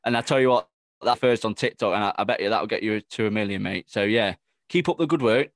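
A man's voice: on the low side, fast, dry recording. A man hosting a casual podcast, chatty and matey. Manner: chatty, matey, says "mate" often. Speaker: podcast host. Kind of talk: casual chat.

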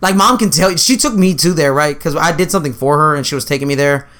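A young man in casual podcast chat with a bright, forceful voice that sits a little high. He tells profane stories with lots of energy and acts out each quote. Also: quick pace.

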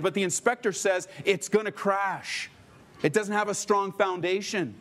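Male preacher, sermon delivery, voice on the high side, emphatic, rhetorical questions. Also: normal speed, fairly bright tone. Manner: emphatic, rising for stress and dropping low for solemn lines; asks the listeners rhetorical questions. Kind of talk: expository sermon.

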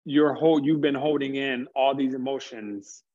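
An earnest man, the interview guest, works through his thoughts at length, sometimes tripping over a word before pressing on. His voice sits at a medium pitch, and the recording has a muffled, lo-fi quality. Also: fairly even intonation, darkish tone. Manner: earnest, stumbles on words, builds points slowly. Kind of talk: reflective conversation.

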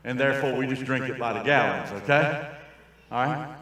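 An older man preaching a sermon in a raw, folksy style, swinging between quiet asides and shouting. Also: mid-range voice, steady tone, normal speed. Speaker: traveling preacher. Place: large church hall. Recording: very echoey church sanctuary, distant mic.

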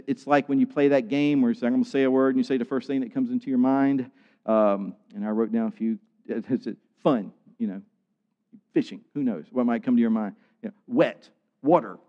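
A man preaching a sermon in an earnest way, building to emphatic peaks. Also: mid-range voice. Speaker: pastor. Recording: dull sound with long hall reverb.

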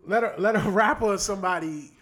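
A man's voice: sits high, fast, crowd noise. A man in casual podcast chat, arguing his point with profanity and rhetorical questions.

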